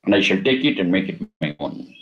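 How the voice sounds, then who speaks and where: A man teaching a scripture lesson. He explains Sanskrit words slowly and deliberately, and he repeats and chants the terms. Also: deep voice, very animated, highs cut off. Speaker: Vedic teacher.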